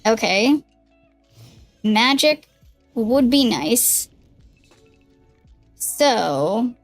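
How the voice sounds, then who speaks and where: Chatty young woman streamer, slow and lively. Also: on the high side, no room sound. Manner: chatty, thinking aloud over moves. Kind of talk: casual gaming livestream commentary. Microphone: headset. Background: faint background music.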